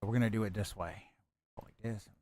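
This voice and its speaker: A man's voice: fairly low pitch, steady tone, normal speed, darkish tone, dry recording, clean studio sound. A man streaming a modded block-building game, joking with his chat and swearing casually while he plays.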